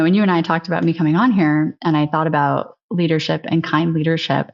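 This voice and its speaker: A woman's voice: low-pitched, vocal fry. A woman guest on an interview show, telling earnest, reflective stories and often checking in with "right?". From United States. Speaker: guest, sales leader. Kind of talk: casual interview talk. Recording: slightly dull, lo-fi sound.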